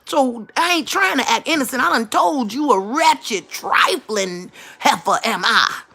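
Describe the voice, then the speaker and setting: A woman, talking casually and animatedly on a live stream, laughing often and rising into high outbursts. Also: lively intonation, measured pace, creaky, sharp tone, slightly rough. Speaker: livestream host.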